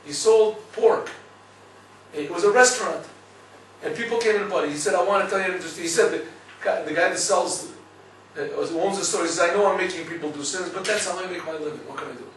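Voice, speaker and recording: A man giving a lively Torah class, telling stories and checking with listeners as he goes. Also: high voice, fairly quick, heavy reverb, distant mic, a little hiss or hum, low-quality recording. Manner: storytelling, lively, asks listeners "right?". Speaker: rabbi teaching a class.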